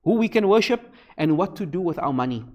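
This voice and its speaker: A man's voice: sits high, animated, fast talker. A man voicing arrogant men who mock and sneer at a preacher in a retold story. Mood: sarcastic. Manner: mocking, sneering questions. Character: sarcastic, arrogant men mocking a prophet.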